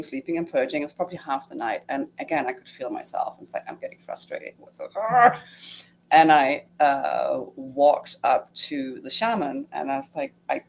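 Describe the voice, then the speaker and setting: A woman's voice: deep voice, a little hiss or hum. A middle-aged woman sharing a personal story in casual talk, emotional and full of fillers, acting out her own inner thoughts. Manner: emotional, many fillers and acted-out inner quotes. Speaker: guest sharing her retreat experience.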